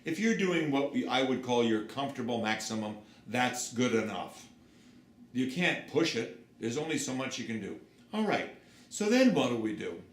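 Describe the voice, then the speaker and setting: A man giving a singing lesson, explaining technique in a lively way and breaking into short sung and shouted examples. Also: mid-range voice, normal speed. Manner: lively, explanatory, demonstrates sounds with his voice. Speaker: singing teacher. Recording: roomy sound with faint background noise.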